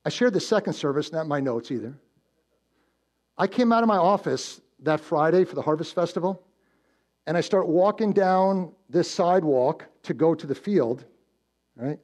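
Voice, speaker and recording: Male pastor, higher-pitched voice, sermon in church, loud build-ups then hushed warnings, asks the congregation questions. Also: expressive, moderate pace. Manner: storytelling with direct questions to the congregation.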